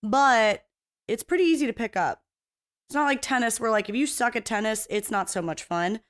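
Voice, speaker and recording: A woman's voice: on the high side, moderate pace. A woman hosting a podcast on her own in casual chat, rambling and blunt, swearing freely and mocking herself. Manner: self-mocking and playfully opinionated. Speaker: podcast host.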